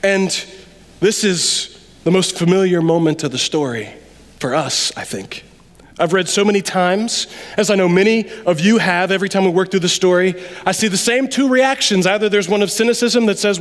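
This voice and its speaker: A man delivers a sermon in a church sanctuary. He talks to the congregation in a lively, conversational way, sometimes dropping to a near-aside. His voice carries a long reverb from the large hall. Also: high-pitched, moderate pace. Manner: conversational, animated preaching with sudden drops to quiet. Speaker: preacher.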